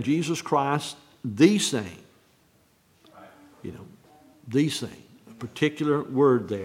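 A man preaching on a Bible verse, halting and restarting often, repeating key phrases slowly. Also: medium pitch. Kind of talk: sermon, unscripted Bible teaching.

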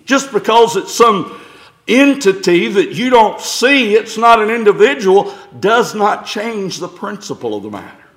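A man's voice: high voice, big pitch swings, a little slow, a bit bright. A middle-aged male pastor preaching a sermon, reading scripture aloud and building to emphatic points.

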